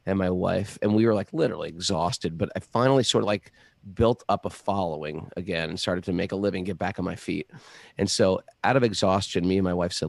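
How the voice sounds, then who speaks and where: A middle-aged man casually telling a long personal story, animated and rambling with many restarts. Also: deep voice, vocal fry, no room sound.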